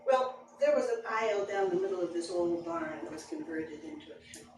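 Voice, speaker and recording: Speaking briskly in a mid-range voice, a woman performs a story for a live crowd and gives the characters their own voices. The sound is noisy and very echoey, recorded from a distant mic, with the room's ambience and the audience laughing in the background.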